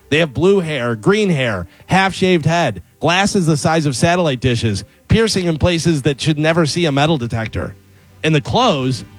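A man's voice: a little high, dry recording, poor audio. Sarcastic man ranting with faint music. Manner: sarcastic, mocking. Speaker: segment contributor reading an open letter. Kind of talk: scripted comedic rant.

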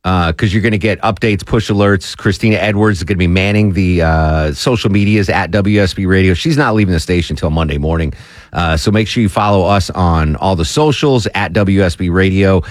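A man's voice: sits low, brisk, no echo, studio quality. A man hosting a radio show, bantering in a loose, joking way and laughing easily. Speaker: radio host. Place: radio studio.

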